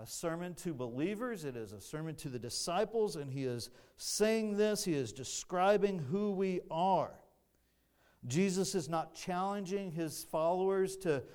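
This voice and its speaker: A man preaching a sermon as pastor, deliberate and emphatic, often repeating and restarting his phrases. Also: a little high, a little mellow, clear, resonant tone.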